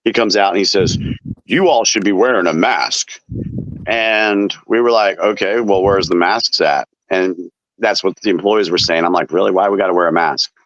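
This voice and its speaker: A man hosting a casual chat, telling defiant stories in a relaxed way. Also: low-pitched, moderate pace, no echo. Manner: relaxed storyteller, defiant anecdotes. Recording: dull lo-fi dry sound.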